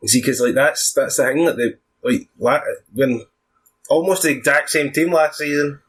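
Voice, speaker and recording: A man's voice: a little high, steady tone, normal speed, a bit bright, a little hiss or hum. A young Scottish man co-hosting a football podcast, chatting casually, swearing and laughing often between rambling thoughts. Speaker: podcast co-host.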